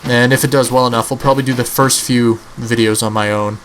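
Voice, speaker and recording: A man's voice: medium pitch, steady tone, fairly quick, fairly bright tone, slight background noise, rough recording. A man in his early twenties giving casual, rambling gameplay commentary as a channel host, swearing offhandedly. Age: early 20s.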